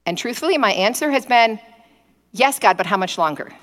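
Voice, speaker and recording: A woman preaching a sermon, telling stories in an animated way and acting out prayers in quoted voices. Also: a little high, a little fast, in a large hall. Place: indoor gathering space.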